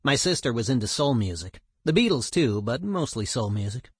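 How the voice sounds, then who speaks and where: A man's voice: medium pitch, very animated, moderate pace, slightly rough, no echo, clean studio sound. A man voicing a woman punk singer, recalling her childhood in a plain, reflective way. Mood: reminiscing.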